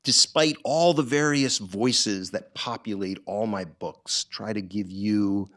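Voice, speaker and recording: Speaking at a bookstore event, a middle-aged man who writes books reflects aloud, stumbling through plenty of ums and restarts. His pitch is on the low side, with a fairly bright tone.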